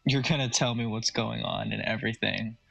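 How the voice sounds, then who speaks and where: A man's voice: lowish voice, steady tone, brisk, vocal fry, a bit bright, low-quality recording. A man voicing a betrayed young man who demands answers bluntly. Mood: angry demand.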